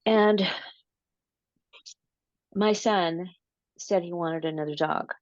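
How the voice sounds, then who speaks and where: Woman interview guest, low voice, animated storyteller, dry muffled recording. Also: takes it slowly, dry recording. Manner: animated, repeats words, acts out her own quotes. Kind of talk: casual storytelling.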